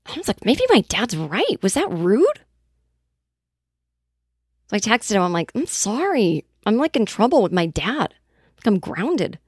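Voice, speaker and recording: A woman's voice: medium pitch, unhurried, pauses often, husky, no echo, clean studio sound. A woman podcast host telling a casual comedic story, acting out the quoted voices of other people as she goes. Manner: animated, acts out quoted voices.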